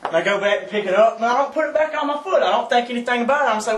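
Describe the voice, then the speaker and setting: A young Southern man casually telling a profane, animated story to friends, laughing often and yelping through his quoted outbursts, recorded from far off in an echoey room. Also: high-pitched, racing. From South Carolina, US. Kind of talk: casual anecdote among friends. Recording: echoey room, mic from far off, faint noise.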